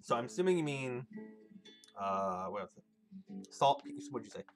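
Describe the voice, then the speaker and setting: A man's voice: medium pitch, sing-song, normal speed. A man streaming a video game, chatting casually with viewers in a rambling, swearing way. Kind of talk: casual gaming stream chat. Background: game music.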